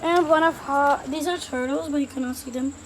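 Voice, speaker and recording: Very high-pitched woman chatting through heavy noise. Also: fairly even intonation, brisk. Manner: chatty, narrates while playing with her pets. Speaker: pet vlogger. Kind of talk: casual home vlog. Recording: loud background noise outdoors.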